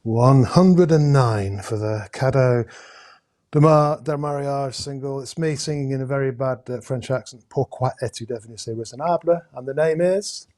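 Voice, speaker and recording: A man hosts a relaxed live-stream raffle draw at a middling pitch. He chats loosely, pausing on hesitations and tossing in jokey asides. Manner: chatty, halting with many uh's, jokey asides. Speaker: host drawing raffle prizes. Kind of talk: casual live-stream chat. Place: indoors at home with a camera crew.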